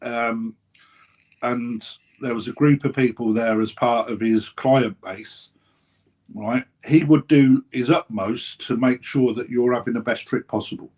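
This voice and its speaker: A man from England with a husky voice chats as a guest on a live show. He hesitates and restarts a lot, but his tone stays friendly and full of banter. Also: medium pitch, steady tone, unhurried, darkish tone. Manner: hesitant, friendly banter, says "mate" often. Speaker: guest, koi dealer. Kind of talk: casual live-stream chat.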